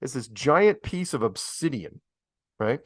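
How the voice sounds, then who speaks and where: Male host, casual rambling storyteller, very animated pitch, dry recording. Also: measured pace, dry recording. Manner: rambling, chuckling storyteller with restarts; swears mildly, drawls "man" and "right?". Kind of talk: casual livestream chat.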